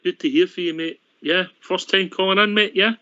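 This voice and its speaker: A man's voice: sits high, fairly even intonation, a little fast, pushed and bright, smooth. A Scottish man hosting a football phone-in show, jokey and teasing his callers. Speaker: host. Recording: dull lo-fi line.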